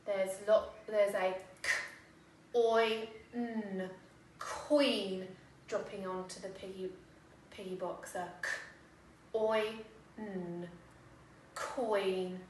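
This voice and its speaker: An English woman, an infant school teacher, giving a phonics lesson to young children in a slow, sing-song, encouraging way and sounding words out. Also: mid-range voice, fairly even intonation, a little mellow. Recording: echoey room, voice from a distance, faint background noise.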